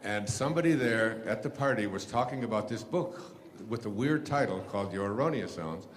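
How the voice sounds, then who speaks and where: Man with a very low voice, loose and digressive storyteller, talking to a live audience; long hall reverb and a faint hiss. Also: animated. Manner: rambling and halting, with many fillers and restarts. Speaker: speaker telling stories to an audience. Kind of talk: storytelling lecture.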